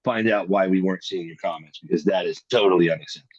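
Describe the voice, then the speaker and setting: A man co-hosting a casual podcast with playful, warm banter. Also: low voice, very fast, breathy edge, no echo, dull audio. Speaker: podcast co-host.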